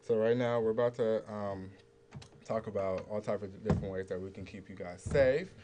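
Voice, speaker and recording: A man's voice: fairly low pitch, normal speed, dark tone, a little hiss or hum. A young man co-hosting a youth talk show, laid-back and chatty, leaning on fillers. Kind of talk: casual talk-show chat.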